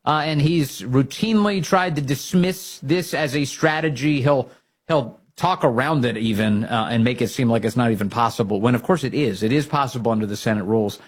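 A man hosting a political talk show, giving emphatic, fired-up commentary that rises to loud exhortations. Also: mid-range voice, fairly quick, breathy edge. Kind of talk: opinionated commentary.

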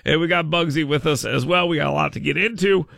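A man's voice: a little high, quick pace, gravelly, a bit bright, no room sound. A man hosting a talk radio show, chatting casually with wry, sarcastic asides.

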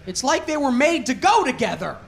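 A stand-up comedian telling jokes with deadpan setups and animated impressions. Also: high voice, brisk, vocal fry. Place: comedy club stage.

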